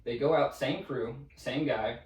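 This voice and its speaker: A man co-hosting a podcast, telling eerie stories in a casual, profane, animated way. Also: medium pitch, unhurried. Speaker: podcast co-host. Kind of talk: casual storytelling chat. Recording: roomy, distant mic.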